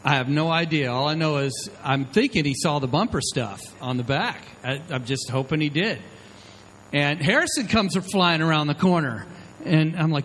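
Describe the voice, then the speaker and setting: A man's voice: on the high side, moderate pace, fairly bright tone, slight background noise, rough recording. Conversational middle-aged male pastor. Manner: conversational storytelling, frequent "okay?" check-ins. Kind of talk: sermon.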